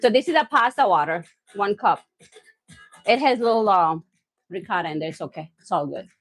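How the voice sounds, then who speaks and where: A woman hosting a live cooking stream from her home kitchen, excitable and loud, often laughing at herself as she chats with viewers. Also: mid-range voice, fairly quick, soft background music.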